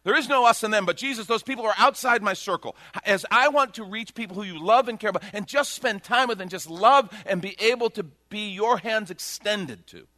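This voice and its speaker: A pastor preaching a sermon in a conversational style, joking about himself and swinging from hushed, slow lines to loud, excited ones. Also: male voice, high voice, no room sound.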